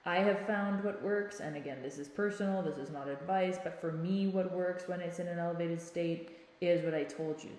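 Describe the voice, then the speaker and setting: Low-voiced woman in an echoey room. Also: steady tone, normal speed, a little mellow. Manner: conversational, often adds "right?" tags. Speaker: podcast host. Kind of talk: casual advice monologue. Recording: echoey room with long reverb.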